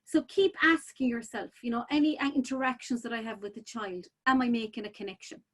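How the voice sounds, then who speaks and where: A woman's voice: a little high, brisk. A woman presenting a childcare webinar in a chatty, informal way, full of "you know" fillers and restarts.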